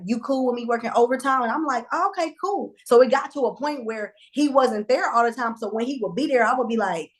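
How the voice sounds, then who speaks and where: Woman telling a candid personal story. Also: fairly high pitch. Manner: conversational and animated, with fillers and restarts. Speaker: guest.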